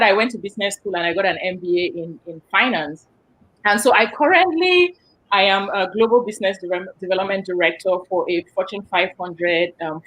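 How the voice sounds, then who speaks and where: A woman guest on a talk show, speaking with a cold and a cough drop in her mouth, explaining her background in an animated way. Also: medium pitch, low-quality recording. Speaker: guest, business director. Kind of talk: panel discussion.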